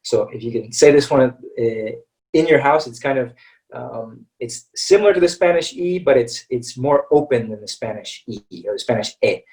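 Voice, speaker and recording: Man, american accent, webinar pronunciation teacher, patient, says "okay?" a lot, mid pitch, a bit far from the mic. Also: a little mellow. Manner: patient, checks in with "okay?" after nearly every phrase; slows down to model vowel sounds. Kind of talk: webinar lesson.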